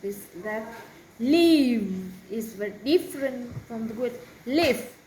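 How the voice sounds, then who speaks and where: A woman teaching a pronunciation lesson, saying each example word slowly and carefully. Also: a little high, lively intonation, mellow, slight background noise, poor audio. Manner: slow, deliberate, drawn-out example words.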